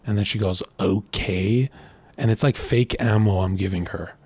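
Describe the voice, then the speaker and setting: A man's voice: fairly low pitch, fairly even intonation, a little fast, creaky, dark tone, slightly rough, no echo. A man in his late twenties giving crude, boastful dating advice in a rambling casual monologue, often acting out what others say. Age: late 20s.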